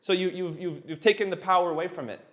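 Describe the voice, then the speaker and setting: A man's voice: high voice, quick pace, a bit bright. Patient male tutor drilling phrases. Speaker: language teacher. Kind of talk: casual tutoring session.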